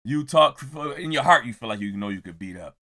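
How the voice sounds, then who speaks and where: A man commenting on a clip in a reaction video, ranting and repeating himself, sometimes shouting as he mimics others. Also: lowish voice, expressive, fairly quick, a little hiss or hum.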